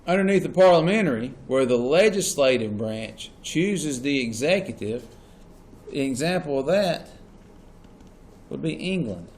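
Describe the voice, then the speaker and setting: A man's voice: medium pitch, lively intonation, a little slow, a little mellow, a little hiss or hum. A man teaching a class, often checking whether his students follow. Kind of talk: classroom lecture.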